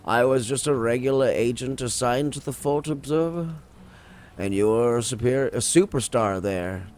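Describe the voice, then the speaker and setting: Guy reading as a secretive agent, friendly and admiring, reads it out pretty plainly and trips over a word here and there, voice in a middle pitch. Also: normal speed, a little mellow, close to an everyday voice. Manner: reads dialogue aloud with small stumbles.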